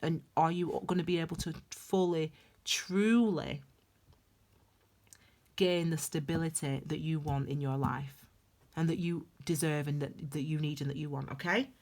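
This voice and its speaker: A woman's voice: sits low, steady tone, a little slow, darkish tone. A young woman giving a tarot reading in a rambling, heartfelt, confessional way. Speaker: tarot reader. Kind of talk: casual tarot reading monologue.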